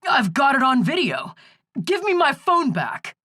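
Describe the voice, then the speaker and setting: A woman voicing a hotheaded young man in an audiobook, shouting in outrage. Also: high-pitched, wildly swooping pitch, measured pace, no echo, studio quality, pitched above the performer's own voice, heavily acted. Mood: outraged. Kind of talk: audiobook character voice.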